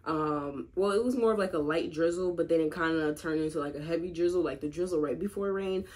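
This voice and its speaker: This small-business owner's voice sits low and brisk with a darkish tone and no echo. She's doing casual vlog narration on a handheld phone, outdoors and in her car, chatting directly to the people watching.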